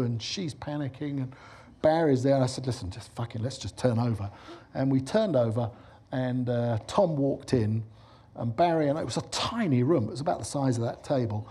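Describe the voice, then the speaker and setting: A middle-aged man giving a lecture in a husky voice with a medium pitch. He tells his stories with animated energy and acts out the voices of the people in them. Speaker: film director giving a lecture. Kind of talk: lecture with lively anecdotes.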